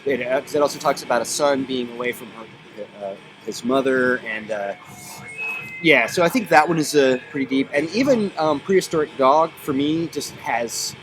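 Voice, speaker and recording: A relaxed man chatting about his band's songs and tours in an easygoing interview, with plenty of fillers as he thinks aloud. His voice sits at an ordinary middle pitch. Loud music plays behind him. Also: normal speed, rough recording. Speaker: band member. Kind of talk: casual interview chat.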